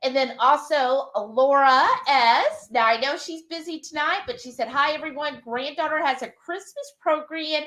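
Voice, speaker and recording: A woman hosting a live cooking stream, chatting casually in an excited, rambling way. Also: high-pitched, moderate pace, few pauses.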